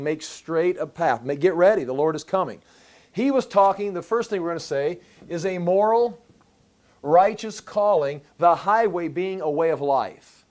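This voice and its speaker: A man's voice: on the high side, darkish tone. A man teaching a Bible passage as a pastor, in a conversational way, often repeating words as he restarts and reading scripture aloud.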